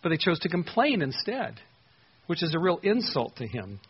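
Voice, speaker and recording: A man's voice: a little high, sing-song, moderate pace, slightly rough, muffled recording. A man teaching through Bible verses in a conversational, earnest way, with emphatic stresses.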